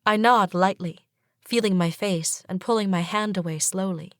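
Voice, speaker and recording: A woman's voice: mid-range voice, moderate pace, no room sound, clean studio sound. Woman narrating a fantasy audiobook. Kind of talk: scripted first-person narration.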